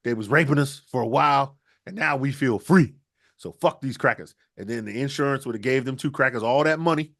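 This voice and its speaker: A man co-hosting a podcast, riffing crudely through loud, animated comedic storytelling. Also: mid-range voice, a little fast. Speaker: podcast co-host.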